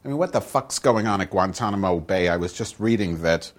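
A man's voice: low voice, expressive, brisk. A man voicing a cranky foul-mouthed woman host. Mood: grumpy. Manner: profane, grumbling, rambling rants. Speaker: podcast host. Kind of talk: comic character monologue.

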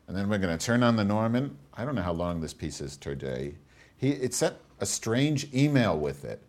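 A man hosts a solo podcast, his voice sitting a bit low. He rambles, and he throws out crude, camp asides as he goes. He speaks into a lavalier microphone. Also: very animated, moderate pace, darkish tone. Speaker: host.

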